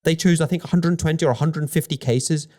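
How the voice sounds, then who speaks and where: Animated man arguing on a podcast. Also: a little high, fairly quick. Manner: animated, argumentative, rhetorical questions. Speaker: podcast co-host. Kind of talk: conversational podcast discussion.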